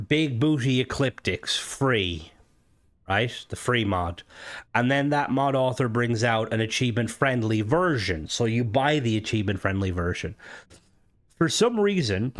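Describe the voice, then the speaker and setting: A young man giving casual gaming news commentary as a content creator, talking in a rambling way with frequent hesitations and restarts. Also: medium pitch.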